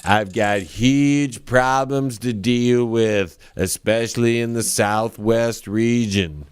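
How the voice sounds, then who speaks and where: A man's voice: mid-range voice, slow, clear, resonant tone, no echo, studio quality, natural voice. A man playing a boastful, distracted president who talks in a dismissive, self-important way. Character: boastful distracted male president, middle-aged.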